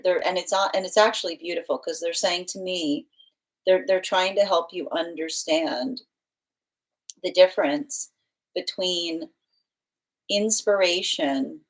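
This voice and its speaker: A woman giving a live tarot reading in a casual, rambling way, laughing often and restarting her sentences. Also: lowish voice. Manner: giggly, rambling, frequent restarts. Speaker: tarot reader.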